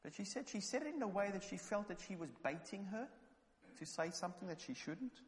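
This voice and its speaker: A man from England preaches a sermon, moving between anecdote and passionate appeal. His voice sits a little high for a man and swells to loud, fervent calls. The sound carries a long reverb from a church hall. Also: expressive, fairly quick, slight background noise. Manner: storytelling, rising to loud fervent exhortation.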